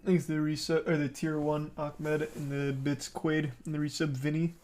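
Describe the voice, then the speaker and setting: A man's voice: on the high side, little pitch movement, moderate pace, a little mellow. A man streaming, casually recapping a movie and chatting with viewers in a rambling, joking way. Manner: rambling recap with crude jokes. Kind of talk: casual chat.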